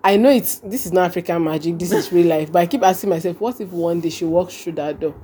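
A woman's voice: lowish voice, fast, slight background noise. A young woman with a Nigerian accent, telling a story in casual conversation, repeating her phrases and acting out what people said. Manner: animated, repeats phrases and acts out quoted speech. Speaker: podcast guest.

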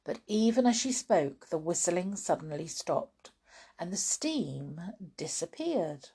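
A woman reading a children's storybook aloud with expressive, dramatic narration. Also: lowish voice, slow, husky. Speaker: storybook reader.

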